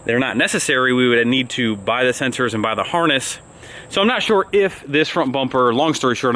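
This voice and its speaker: Talking fast in a mid-range, somewhat bright voice, this man hosts a casual vlog and walks through his plans. His delivery is rambling and amped up.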